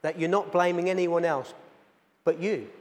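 A man voicing an exasperated male factory charge hand within a sermon story, first shouting, then speaking gently. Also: a little high, fairly even intonation, moderate pace, in a large hall, close to an everyday voice. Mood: gentle, bewildered.

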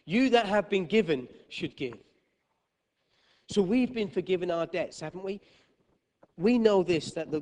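A man preaching a sermon in church, swinging from loud, high bursts to quiet, low asides. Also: big-room sound. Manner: animated storytelling with sudden loud high bursts and quiet drops. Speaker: pastor.

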